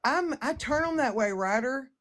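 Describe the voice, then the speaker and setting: A woman's voice: high-pitched, lively intonation, normal speed, a bit bright. A woman hosting a livestream chat, brash and profane, boasting and ranting in a casual way. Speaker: livestream host.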